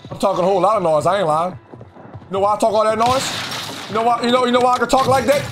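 A man's voice: high voice, steady tone, quick pace, music in the background. A man giving boisterous, taunting gameplay commentary in swaggering slang as a streamer. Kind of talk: trash-talking gameplay commentary. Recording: gameplay audio with noise behind.

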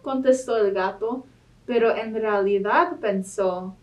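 A woman reads a picture book aloud in a clear, steady way, with a voice pitched a little high. She sounds some distance from the mic. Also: normal speed, muffled recording. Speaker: library storytime reader. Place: library.

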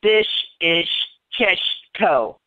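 A man's voice: high voice, animated, very slow. A man making a prank phone call, taunting and mocking the host. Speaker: prank caller. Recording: tinny phone line.

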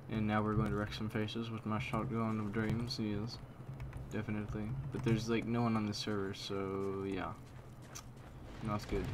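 A man giving live commentary on a shooter game, goofy and self-mocking, switching between loud exasperated outbursts and low mumbled asides. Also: noisy background. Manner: goofy, self-mocking, talks trash at opponents. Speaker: gameplay commentator. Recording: game gunfire clearly heard behind the voice.

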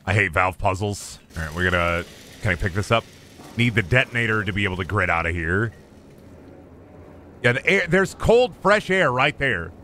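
A young man gives live gameplay commentary in a bright, forward voice that swings widely up and down. He swears freely and yelps and taunts as he plays, with a faint hiss of noise behind him. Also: fairly low pitch, moderate pace. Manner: excitable, swears often, yelps and taunts the game. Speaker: gaming streamer.

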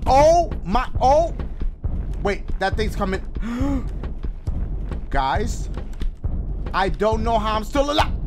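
Male gaming host, high and lively voice, loud reactions, music bed behind. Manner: loud, yelps and shouts often; talks to the audience as "guys". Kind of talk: excited gameplay commentary.

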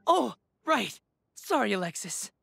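A woman's voice: on the high side, big pitch swings, unhurried, vocal fry, fairly bright tone, slightly rough, no echo, studio quality, soft background music, heavily acted. A goofy, eager cartoon teen boy.

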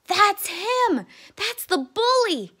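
A woman voicing a scared little boy raccoon cub in a read-aloud storybook, with a high, anxious, pleading manner. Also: sing-song, normal speed, a bit bright. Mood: alarmed.

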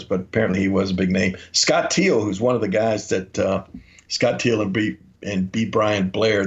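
This co-host from Memphis has a lowish, gravelly voice, and his casual podcast storytelling wanders through anecdotes with acted-out quotes. The audio is dull and lo-fi.

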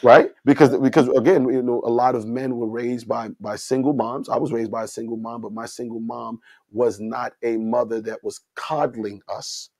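A man's voice: medium pitch, steady tone, moderate pace, darkish tone, no echo. A middle-aged man from New York City hosting a casual talk, telling stories emphatically, often repeating himself and checking in with "right?". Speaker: host. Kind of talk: casual conversational storytelling.

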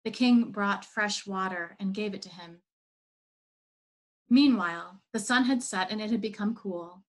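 A woman's voice: medium pitch, unhurried, low-quality recording. Woman reading a parable aloud. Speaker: worship leader. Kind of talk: storytelling in an online service.

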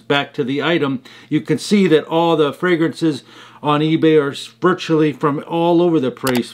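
Chatty man reviewing fragrances. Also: mid-range voice. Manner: chatty, conversational storytelling. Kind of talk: casual product review vlog.

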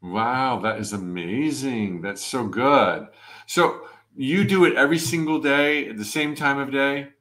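A man's voice: mid-range voice, measured pace, a bit bright. A man hosting an interview, reacting with effusive enthusiasm. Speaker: host. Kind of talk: casual interview.

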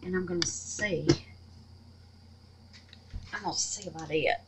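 A woman's voice: on the low side, unhurried. A woman chatting to her viewers about her resin crafts, calling them babies and honey. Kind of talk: casual chat to viewers. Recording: noisy home recording.

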